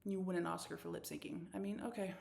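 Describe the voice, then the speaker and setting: A woman's voice: on the low side, fast, gravelly. Woman in her thirties, podcast host, effusive and chatty, stumbles and restarts a lot. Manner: animated, effusive, frequent restarts and stammers. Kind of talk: casual solo podcast monologue.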